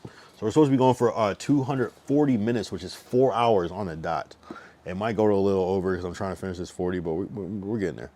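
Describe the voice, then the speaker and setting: Speaking fast in a low, dark voice, a young streamer rambles on a livestream with slang and profanity. He's drunk and has eaten too much, leaving him a bit breathless.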